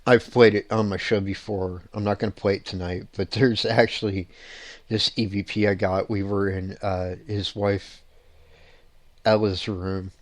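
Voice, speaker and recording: A low-pitched man hosts his own paranormal show and recounts ghost hunts in an animated, rambling way. He laughs often and restarts his sentences. The recording is dry and close. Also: a little slow, no room sound. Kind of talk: casual storytelling on a show.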